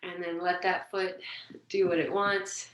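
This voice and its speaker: A woman teaching a yoga class, giving gentle, encouraging, relaxed cues as she demonstrates the poses. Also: fairly low pitch, a little slow, a little hiss or hum. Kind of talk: guided yoga class instruction. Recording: echoey room, mic far off.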